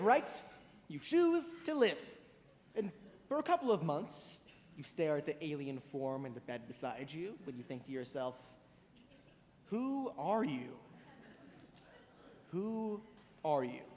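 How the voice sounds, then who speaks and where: A man's voice: high-pitched, slight background noise, full character voice. A young man playing a lonely middle-aged musical fan who confides in the audience in a wry, musing way. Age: teens. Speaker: narrator. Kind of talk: stage musical acting. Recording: reverberant auditorium stage.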